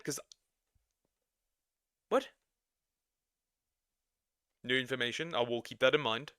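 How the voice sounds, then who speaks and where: Animated rambling man with an accent. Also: mid-range voice, a little slow, pauses often, no echo, studio quality. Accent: non-native English accent. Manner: rambling, animated, laughs often, restarts sentences. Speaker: streamer reacting to videos and chatting. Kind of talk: casual livestream chat.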